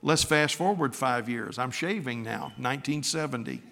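A man's voice: medium pitch, lively intonation, moderate pace, creaky, sharp tone. An older male preacher delivering a sermon, telling a heartfelt personal story and rising into fervent exhortation. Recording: reverberant hall.

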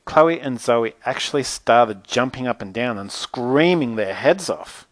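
A man reading a chatty, first-person storybook aloud with lively, animated delivery. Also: mid-range voice, measured pace, dry recording. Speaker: narrator.

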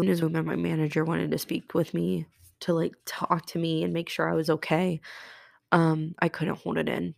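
Low husky-edged woman close to tears. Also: a little mellow, no echo. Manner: emotional, halting, many restarts and fillers. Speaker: podcast host; nurse. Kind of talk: personal confessional podcast monologue.

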